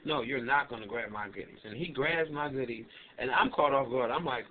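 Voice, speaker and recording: A young adult man vlogging, telling a story in an animated, emphatic and indignant way. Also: mid-range voice, fairly quick. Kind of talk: casual ranting storytelling. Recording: tinny lo-fi webcam audio with faint hiss.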